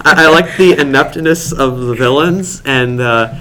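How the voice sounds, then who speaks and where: A man's voice: medium pitch, a little slow, sharp tone. A man co-hosting a casual movie podcast, rambling and laughing at himself. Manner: rambling, laughing, self-deprecating. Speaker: podcast co-host. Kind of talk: casual chat. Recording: noisy amateur podcast recording.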